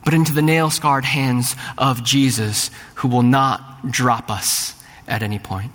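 A man's voice: medium pitch, slow pace, fairly bright tone. A middle-aged man preaching a sermon in a church sanctuary, earnest and building to fervent rising peaks, often repeating words as he starts a thought. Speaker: pastor. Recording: long hall reverb.

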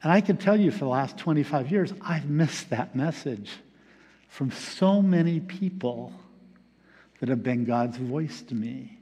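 A man preaching a reflective sermon as pastor, pausing often with fillers. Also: mid-range voice, animated, mellow, breathy edge. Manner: reflective, halting with many fillers. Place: church sanctuary. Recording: long reverb of a large hall.

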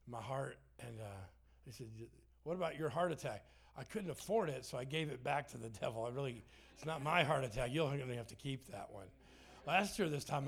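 A man's voice: medium pitch, gravelly. A man preaching a sermon in a church, joking and self-deprecating, with frequent restarts. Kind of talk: sermon with humor. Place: church sanctuary.

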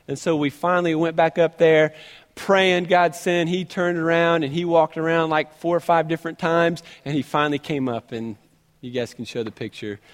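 Brief: high-pitched male pastor, animated and humorous, echoing church hall. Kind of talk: sermon storytelling.

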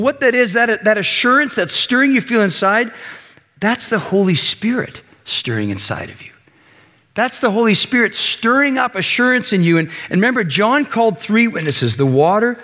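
A male pastor giving a conversational, animated sermon with frequent restarts and asides. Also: sits high. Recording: echoey hall reverb.

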